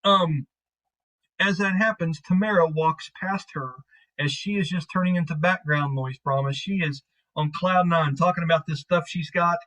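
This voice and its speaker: Casual, profane game master, higher male voice. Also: normal speed, fairly bright tone, rough recording. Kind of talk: narrating a tabletop game.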